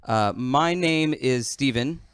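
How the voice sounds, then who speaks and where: Smooth-voiced man hosting a podcast. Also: medium pitch, dry recording. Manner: rambling, lots of fillers, quick bursts. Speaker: podcast host. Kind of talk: casual podcast chat.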